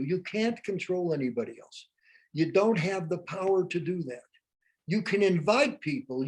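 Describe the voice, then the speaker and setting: A man with a high voice leads a live workshop. He teaches with humor and keeps coming back to little stories from his own life. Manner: humorous, anecdote-driven teaching. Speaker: workshop presenter.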